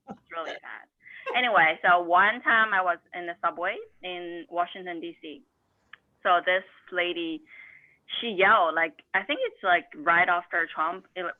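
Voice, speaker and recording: A young woman from China with a Chinese accent, doing a deadpan, self-mocking stand-up set and acting out quotes. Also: lowish voice. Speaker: stand-up comedian. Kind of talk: stand-up set over a video call. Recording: tinny phone-like audio.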